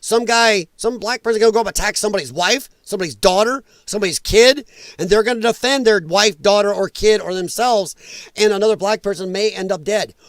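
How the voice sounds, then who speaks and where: A high-voiced man hosting a reaction commentary show rants angrily and emphatically, repeating his points. He talks fairly quickly, and the sound is completely dry with no room around it.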